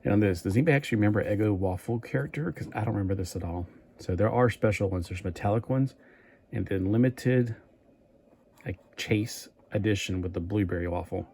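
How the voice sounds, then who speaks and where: A man's voice: lowish voice, brisk, darkish tone, a little hiss or hum. A man chatting casually in a toy review vlog, rambling and thinking aloud as he goes.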